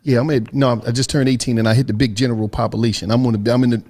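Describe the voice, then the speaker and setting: A young man telling a comedic story in casual chat, animated and acting out his own past voice. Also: mid-range voice, racing. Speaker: storyteller on a podcast panel.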